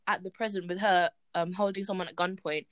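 A young woman co-hosting a film review chat, animated and frank, laughing often. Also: lowish voice, brisk, no echo, clean studio sound. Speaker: podcast co-host reviewing films. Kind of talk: casual chat.

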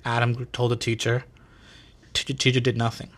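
Man, podcast host, mid-pitched voice, animated, slangy, swearing, casual storytelling. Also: moderate pace.

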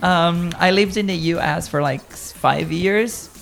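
Laughing, lively woman telling stories. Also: on the low side, measured pace, gravelly, soft background music. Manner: lively storyteller, laughs often. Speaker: teacher. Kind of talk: casual podcast chat.

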